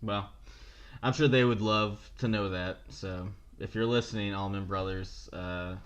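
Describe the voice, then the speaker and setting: A man's voice: on the low side, fairly even intonation, a little slow. A man co-hosting a comedy podcast, hesitant and mock-earnest, often checking "okay?". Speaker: podcast co-host.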